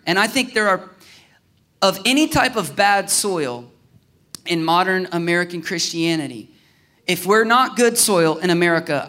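A male pastor with a faint Southern Ohio accent delivers a sermon in a relaxed, talky way. His voice sits high for a man, and he slips into quick acted-out exchanges to make his points. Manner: animated, acts out little dialogues in voices; casual, conversational preaching with restarts.

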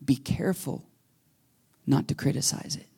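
A man preaching a sermon as pastor, telling a story with lively quoted voices and sometimes dropping to a whisper. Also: moderate pace. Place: church sanctuary.

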